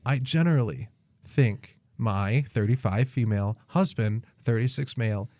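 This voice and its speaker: Swearing podcast co-host. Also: male voice, mid-range voice, normal speed, a little mellow, dry recording. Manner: swears freely, laughs often, acts out quoted lines. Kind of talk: casual chat, reading a Reddit post aloud.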